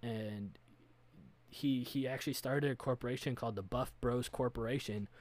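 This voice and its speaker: A man's voice: mid-range voice, normal speed, a little mellow. A man co-hosting a casual chat about running tabletop games, talking earnestly and thinking aloud as he goes. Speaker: game master, podcast co-host.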